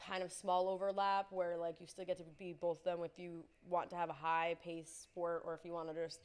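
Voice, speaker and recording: Woman, young adult, Canadian accent, podcast co-host, upbeat casual chat, smooth clear tone. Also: on the low side, fairly quick. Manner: upbeat, lively, filler "like".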